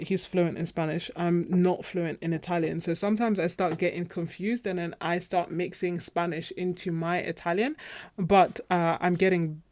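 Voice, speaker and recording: A woman who hosts an art livestream, chatting casually with viewers in a meandering way and often trailing off while she searches for names. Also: on the low side. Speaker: artist hosting a painting livestream. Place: home studio, indoors.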